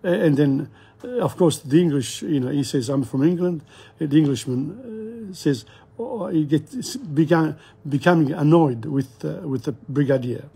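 A man with a husky voice teaching a live language lesson, reading French passages aloud and retelling them in English. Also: fairly high pitch, lively intonation, measured pace, dark tone.

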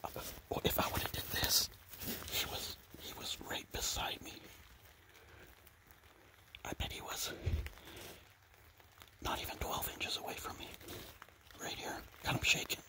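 A man whispering excitedly in a hunting vlog from a blind outdoors, shaking with adrenaline, recorded on a handheld camera. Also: a little slow, pauses often. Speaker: bear hunter.

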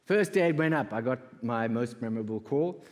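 A man's voice: lively intonation, a little fast, a little mellow. A man from South Africa with a South African accent, telling humorous stories in a conference keynote and acting out callers' voices. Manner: humorous, acts out callers' voices with big pitch jumps. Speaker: conference speaker. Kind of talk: storytelling keynote talk. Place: large conference hall. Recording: long hall reverb.

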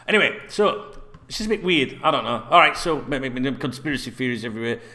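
Sweary ranting man with a bright voice. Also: mid-range voice, animated, fast talker. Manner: sweary, ranting, sarcastic asides. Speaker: football channel host. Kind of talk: casual ranting news read-through.

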